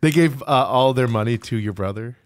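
A man co-hosting a podcast in casual chat, making wry, deadpan quips. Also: medium pitch, normal speed, no room sound, studio quality. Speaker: podcast co-host.

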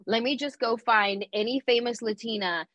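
A woman chatting as a guest, telling her story in an animated, laughing manner. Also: a little high, moderate pace, no room sound, dull audio. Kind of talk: casual chat.

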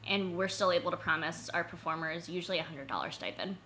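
A woman's voice: fairly low pitch, lively intonation, fast, sharp tone, slight background noise. A young woman co-hosting a podcast, talking in casual chat and filling her sentences with "like". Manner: chatty, heavy use of "like". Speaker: podcast co-host.

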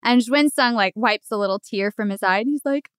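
A woman's voice: a little high, fairly quick, a bit bright, smooth, no room sound, studio quality. A woman co-hosting a podcast, chatting and laughing as she retells history. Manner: laughs a lot, chatty and enthusiastic. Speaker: podcast co-host. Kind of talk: casual history storytelling.

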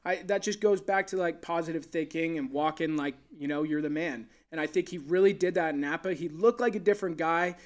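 A man's voice: a little high, brisk, few pauses. A man, a golf caddie, chatting casually in an interview and telling stories with plenty of fillers. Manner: easygoing storyteller, many fillers.

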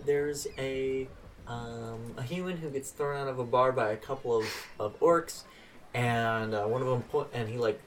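Rambling male game master, off mic. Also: mid-range voice. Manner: loose, rambling, lots of fillers. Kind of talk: narrating a tabletop game. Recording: far from the mic with music behind.

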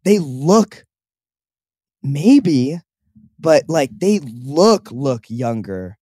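A man's voice: on the high side, big pitch swings, drawn-out words, dark tone, husky, dry recording, studio quality. A young man co-hosting a casual chat show, rambling with lots of fillers and restarts. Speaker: podcast co-host.

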